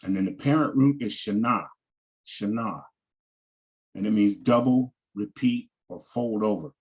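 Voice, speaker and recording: A man teaching a language class, slowly repeating each word and its pronunciation and checking in with "all right" as he goes. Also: lowish voice, darkish tone, breathy edge. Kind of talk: slow vocabulary lesson over shared screen.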